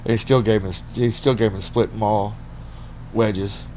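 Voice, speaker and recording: A man's voice: lowish voice, fairly even intonation, normal speed, warm tone, a little hiss or hum. A middle-aged man, telling stories as a podcast guest, swearing freely and laughing often. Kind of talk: casual storytelling.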